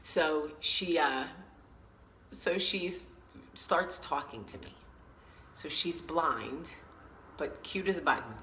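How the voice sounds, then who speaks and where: A woman hosting a casual vlog, telling a story in a chatty, animated way and acting out what people said. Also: low voice, slight background noise, rough recording. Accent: New York. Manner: chatty, animated storyteller who acts out quotes. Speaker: vlog host.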